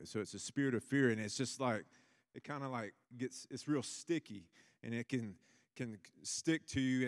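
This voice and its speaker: A man's voice: medium pitch, long reverb tail. A man preaching a sermon in a casual, rambling way, with many restarts and fillers. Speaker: pastor.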